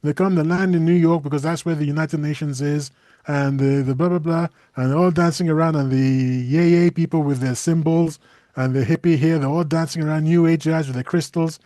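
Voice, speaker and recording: Animated high-voiced man chatting. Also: brisk, no echo, studio quality. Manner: animated, laughs often, acts out silly voices. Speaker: co-host. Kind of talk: casual chat.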